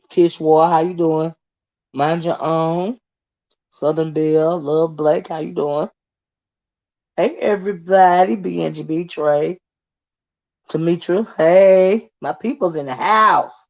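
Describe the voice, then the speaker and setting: A woman's voice: on the low side, slow pace, long pauses, darkish tone. Folksy woman hosting a livestream chat. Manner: folksy, greets viewers by name, says "child" and "honey". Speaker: livestream host. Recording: dull lo-fi stream audio.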